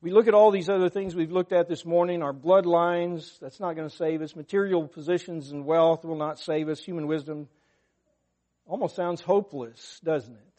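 Guy preaching a sermon, bit higher voice, gets loud and punchy on the bible quotes. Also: fairly even intonation, moderate pace. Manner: earnest, emphatic, rises on scripture quotes; unscripted, talks to the congregation.

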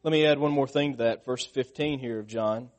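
Preaching a little fast, this middle-aged man keeps putting questions to the congregation. His emphasis shows as rising volume and pitch.

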